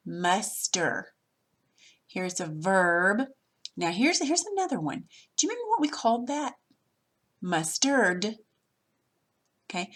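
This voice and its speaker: A woman's voice: on the low side, a bit bright, slightly rough. A woman teacher patiently walking through a worksheet lesson step by step, recorded over her screen.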